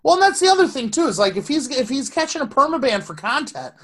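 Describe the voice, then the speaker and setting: A podcast co-host with a very high-pitched, sing-song, slightly bright voice talks fast in casual chat. His delivery is loose and rambling, with lots of swearing and restarts.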